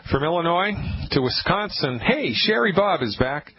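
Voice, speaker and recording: A man's voice: a little high, big pitch swings, moderate pace, slight background noise. A man hosting a call-in radio show, talking emphatically and repeating himself for effect as he rants. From Nantucket, USA. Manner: emphatic, repetitive ranting. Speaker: radio talk show host. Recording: dull radio broadcast sound.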